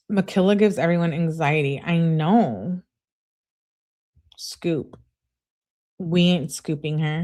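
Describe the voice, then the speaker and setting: A woman's voice: low voice, slow pace, pauses often, a little mellow. A woman hosting a live stream, reading text messages aloud with speaker tags and breaking off to comment and greet viewers. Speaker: true-crime channel host.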